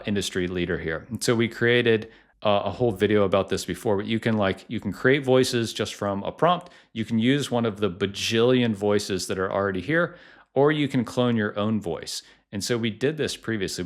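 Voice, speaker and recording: A middle-aged man with a somewhat low voice walks viewers through AI tools in a casual vlog. He talks in a loose, chatty way, packed with "like" and "uh", and sounds friendly and unscripted. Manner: chatty, lots of "like" and "uh" fillers. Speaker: tech YouTuber, podcasting company founder.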